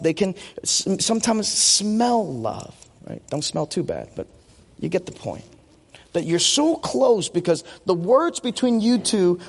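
A male pastor with a high, lively voice that swoops up and down as he preaches. He is playful and joking with a volunteer on stage. His words ring out with the long reverb of a church hall. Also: slightly rough. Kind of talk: sermon.

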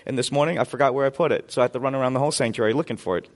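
A man's voice: medium pitch, very fast, long reverb tail. A man preaching a sermon as pastor, conversational and joking with his congregation in a church sanctuary.

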